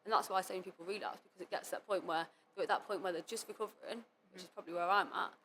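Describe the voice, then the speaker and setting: A young adult woman speaking as a podcast guest, telling her story candidly in quick run-on sentences full of "like". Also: lowish voice, fairly even intonation, a bit bright, slight background noise. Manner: fast, run-on speech full of "like" and quoted self-talk. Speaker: podcast guest, competitive cheerleader. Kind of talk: candid interview talk.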